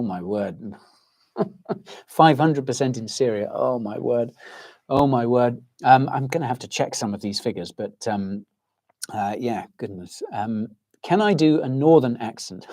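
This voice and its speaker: Warm and mid-range, the voice belongs to a middle-aged English livestream host chatting casually. He responds to viewers' comments with lulling, drowsy rambles that sometimes turn into rants.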